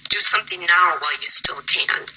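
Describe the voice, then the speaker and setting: A woman's voice: lowish voice, brisk, bright, forceful tone, poor audio. A tired woman from Wisconsin giving emotional, pleading public testimony at a hearing. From Wisconsin, USA. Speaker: public commenter.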